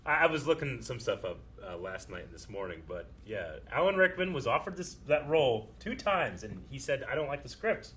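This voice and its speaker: A man's voice: medium pitch, very animated, a little fast, few pauses, fairly bright tone. A young man in a casual movie discussion, chatty and retelling behind-the-scenes trivia. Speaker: show co-host, movie reactor.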